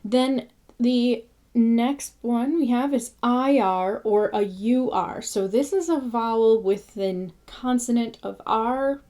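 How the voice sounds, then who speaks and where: A woman giving a casual pronunciation lesson, patiently repeating each sound slowly. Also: on the high side, warm tone. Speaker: language teacher.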